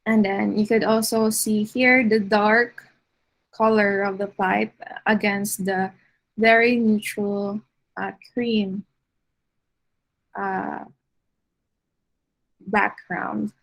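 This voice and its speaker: A woman giving an art lecture over slides, unhurried, with frequent fillers and restarts. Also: mid-range voice, flat delivery, gravelly, poor audio.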